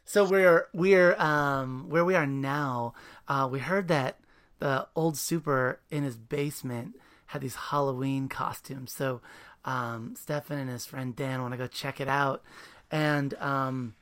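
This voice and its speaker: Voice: medium pitch, slow, fairly bright tone. Enthusiastic interviewer with fillers. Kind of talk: casual conversation and reading aloud.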